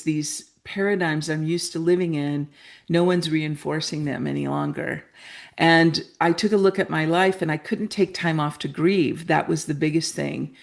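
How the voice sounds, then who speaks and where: A middle-aged Canadian woman with a deep, gravelly voice tells her story earnestly as an interview guest. She acts out the dialogue she quotes along the way.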